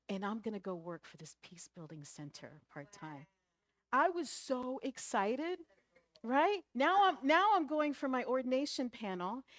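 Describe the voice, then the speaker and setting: A middle-aged woman minister giving a sermon, telling a personal story with lively, emotional delivery. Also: mid-range voice, no echo.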